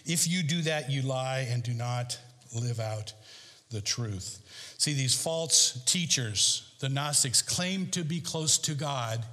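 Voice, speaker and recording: A male pastor delivering a sermon in a church, preaching emphatically with sharp rises and drops in pitch. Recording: long hall reverb.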